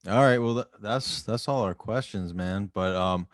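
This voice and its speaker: A male podcast host with a low, dry-sounding voice, recorded close with little room sound. He chats casually and mostly answers with short, easy agreements. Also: moderate pace, no room sound. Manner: relaxed, brief agreeing replies. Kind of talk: casual chat.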